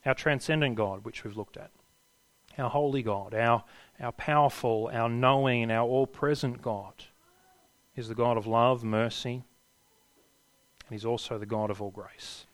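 A man's voice: medium pitch, fairly even intonation, unhurried, pauses often, no echo. Earnest male preacher, dry close sound. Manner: earnest, rising emphasis and hushed endings. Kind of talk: sermon.

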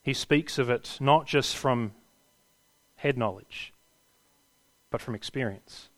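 A man preaching a sermon earnestly, building to emphatic peaks and dropping to hushed endings. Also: mid-range voice, takes it slowly, no echo.

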